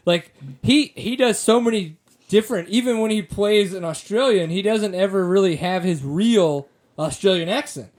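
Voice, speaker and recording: A man's voice: high voice, moderate pace. An American man hosting a casual podcast, rambling and joking with plenty of fillers. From United States. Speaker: podcast host.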